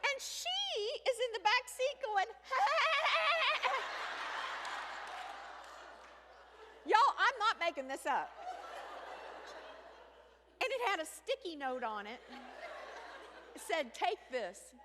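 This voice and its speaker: Lady doing a funny story onstage, high voice, swoops all over, reverb from the hall. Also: unhurried, long pauses, noisy background. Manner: animated, shifts into loud shrieks and hushed asides. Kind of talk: comic storytelling on stage. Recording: reverberant hall with faint ambience.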